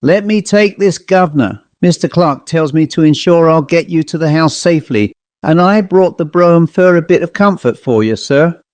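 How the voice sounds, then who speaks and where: A man's voice: a little high, animated, moderate pace, hardly any pauses, a little mellow, no room sound, voice pushed up, close to an everyday voice. A man voicing a cheery, deferential Cockney manservant in his fifties in a ghost story reading.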